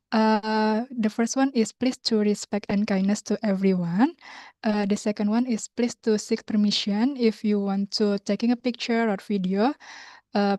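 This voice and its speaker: Mellow young Indonesian woman hosting. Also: mid-range voice, no echo. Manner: unhurried, with hesitant learner phrasing. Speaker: community host. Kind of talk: online class announcements. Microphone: video call.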